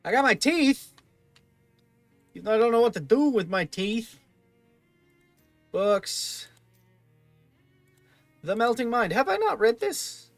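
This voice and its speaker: A man's voice: very high voice, very animated, takes it slowly, vocal fry, long pauses, dry recording, soft background music. Man muttering through a game. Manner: thinking aloud, muttering through item lists. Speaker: gaming video host. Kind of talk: let's play commentary.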